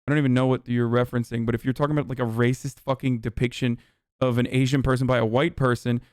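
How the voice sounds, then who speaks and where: A man's voice: mid-range voice, flat delivery, fast, darkish tone, smooth, no echo, studio quality. A man from Turkey hosting a livestream, ranting in a heated, profane, argumentative way. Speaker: livestream host. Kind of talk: casual livestream rant.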